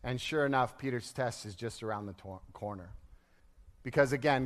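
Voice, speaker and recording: A male pastor preaching a sermon in a lively, storytelling way, laughing and acting out the people he quotes. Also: mid-range voice. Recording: long hall reverb.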